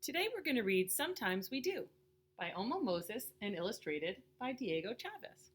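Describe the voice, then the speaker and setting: A woman reading a children's picture book aloud in a slow, lilting way. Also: slightly rough. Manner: slow and lilting, lively pitch with playful character voices. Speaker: storybook reader.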